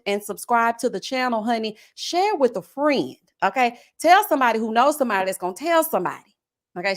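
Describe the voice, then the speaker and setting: A woman giving sassy, animated live-stream commentary on a reality show. She keeps calling her viewers honey and child. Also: medium pitch. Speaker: YouTube reality-show reviewer.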